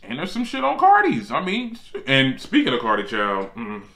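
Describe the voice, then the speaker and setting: A man hosting his own celebrity gossip show, chatting casually and sassily, jumping up in pitch to make a point. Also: moderate pace. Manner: animated and sassy, swings high for emphasis. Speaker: host.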